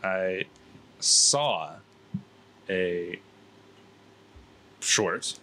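A man co-hosting a casual chat, talking in a halting way with many fillers. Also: deep voice, lively intonation, bright, forceful tone. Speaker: podcast co-host.

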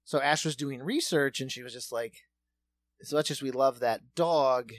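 A man's voice: medium pitch, normal speed, no room sound. A man co-hosting a comedy podcast, telling jokey stories in casual, profane banter. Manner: animated, profane, jokey storytelling. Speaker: podcast co-host.

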